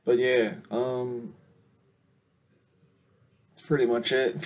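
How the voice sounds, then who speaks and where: A man's voice: mid-range voice, very animated, slow pace, pauses often. Rambling, foul-mouthed young man vlogging. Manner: profane, rambling, swings between loud outbursts and mumbling. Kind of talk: casual rambling monologue.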